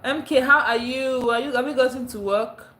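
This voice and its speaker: A woman's voice: high-pitched, moderate pace, a bit bright. Tired chatty Nigerian-born woman streaming live. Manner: chatty, greets viewers by name, repeats herself. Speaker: livestream host. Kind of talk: casual live-stream chat. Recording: echoey room, faint ambience.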